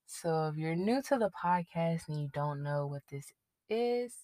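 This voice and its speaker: Low-voiced woman hosting a podcast. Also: expressive, a little slow, warm tone, no room sound. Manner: conversational, rambling, admits getting tongue-tied. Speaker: podcast host. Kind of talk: casual solo podcast commentary.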